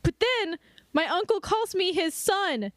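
A young woman co-hosting a casual comedy book podcast, giggly and playful, with sudden loud mock wails. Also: very high voice, very animated, a little slow, no room sound. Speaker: podcast co-host.

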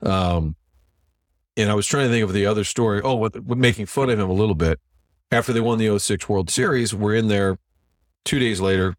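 A fairly low-pitched middle-aged man spinning casual anecdotes as a podcast guest. He talks like a seasoned TV sports director, lively and chatty, slipping into other people's voices as he quotes them. The sound is dry and close, with no room around it. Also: brisk, no echo. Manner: animated anecdote teller who acts out quotes. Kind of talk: casual storytelling interview.

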